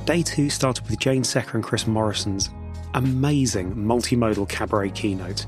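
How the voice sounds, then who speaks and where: A man hosting a podcast, narrating and chatting casually from a quiet corner at the back of a conference, self-deprecating and full of fillers. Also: lowish voice, normal speed, loud music behind the voice. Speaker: podcast host.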